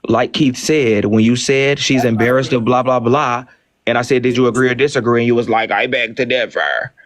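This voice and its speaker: A man's voice: medium pitch, steady tone, brisk. A man hosting a live stream, moderating an argument between two women and telling them bluntly to take accountability. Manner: firm, blunt, talks over interruptions.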